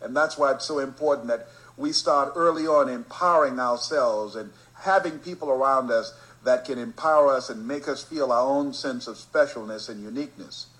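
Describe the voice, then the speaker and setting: A man from Miami giving a storytelling motivational speech, emphatic and rhythmic, slowing down to stress key phrases. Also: medium pitch, a bit bright, poor audio. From Miami, Florida. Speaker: motivational speaker.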